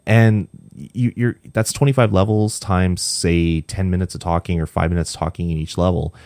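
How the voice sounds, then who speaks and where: Young male podcast co-host, deep voice, rambling and weary, dry close sound. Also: steady tone, normal speed, a little mellow, no echo. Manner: rambling, many ums and restarts. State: tired, punch-drunk late at night. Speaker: podcast co-host reviewing a game. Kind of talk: casual podcast chat.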